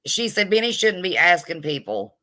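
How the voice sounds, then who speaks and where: During a live vlog, a woman greets her viewers while ranting with blunt, sassy indignation. Her voice is bright, forceful, and on the low side, and she sounds very animated at a normal speed.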